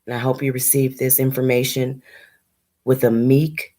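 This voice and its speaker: A woman speaking as a spiritual medium in a heartfelt video message, earnest and halting, holding back tears. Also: extremely low pitch, level tone, mellow. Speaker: spiritual medium addressing viewers.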